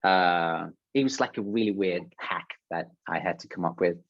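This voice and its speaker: A man's voice: sits low, normal speed, no room sound, muffled recording. A man, a guest sound designer, talking casually on a panel, hesitant with many fillers and restarts.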